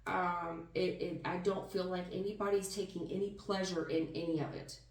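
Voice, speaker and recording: A woman's voice: lowish voice, steady tone, moderate pace. A woman giving a casual tarot reading in an emphatic, folksy manner, calling the listener hon and baby. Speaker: tarot reader. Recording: roomy sound, distant mic.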